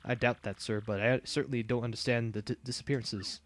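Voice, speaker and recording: A man's voice: medium pitch, steady tone, brisk, close to an everyday voice. Man voicing a stiff, formal woman manager. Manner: quiet, stiff and businesslike. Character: prim, formal female arena manager. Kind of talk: reading game dialogue aloud.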